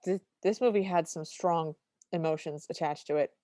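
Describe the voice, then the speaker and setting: A woman's voice: on the low side, moderate pace, dark tone, no room sound. A woman co-hosting a podcast, chattily recapping a film and quoting its lines. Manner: chatty, recounting plot with quoted lines. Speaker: podcast co-host. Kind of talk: casual recap chat.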